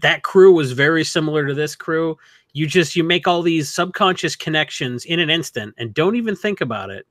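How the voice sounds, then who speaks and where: A man co-hosting a podcast, chatting about films in an opinionated, quick way and mocking other people's voices. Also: fairly high pitch, a bit bright, dry recording, studio quality. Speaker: podcast co-host. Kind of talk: casual film discussion.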